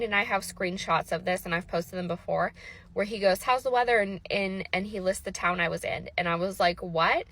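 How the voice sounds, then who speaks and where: A woman's voice: medium pitch, a bit bright. A woman in her thirties telling her own story in a casual, emotional way, acting out what others said and often saying "like". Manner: fast, emotional retelling with lots of quoted dialogue and "like" fillers.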